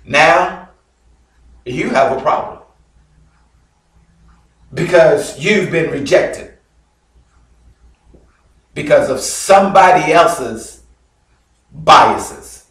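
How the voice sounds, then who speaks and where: A man preaching a sermon as a bishop, telling a story dramatically with loud bursts and sudden low drops. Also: very slow, long pauses. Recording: very echoey hall, mic far off.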